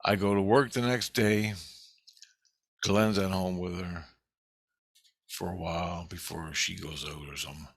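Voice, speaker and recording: Gravelly low-voiced man, slow and profane. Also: steady tone, no room sound. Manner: profane, rambling. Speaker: storyteller. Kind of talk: casual storytelling.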